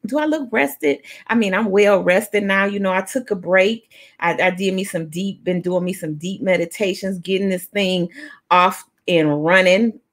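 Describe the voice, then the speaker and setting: A woman hosting a live online talk show, loud and playful, hyping up her viewers and breaking into bits of song. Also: medium pitch, moderate pace.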